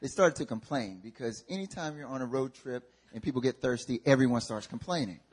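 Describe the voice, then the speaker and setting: A pastor preaching a sermon in an animated, joking, conversational way. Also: male voice, medium pitch, a little fast, husky. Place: church service.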